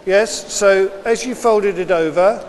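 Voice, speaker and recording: High-voiced man teaching children. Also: in a large hall. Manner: brisk, encouraging, repeats instructions. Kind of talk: classroom instruction. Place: classroom with children.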